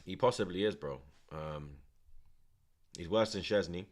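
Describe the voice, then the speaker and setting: A young man talking through a football watchalong in a relaxed, slangy way. He repeats each phrase and reads out viewers' comments between plays. His voice sits a little low. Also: unhurried. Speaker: streamer hosting a watchalong. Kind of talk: live watchalong commentary and chat reading.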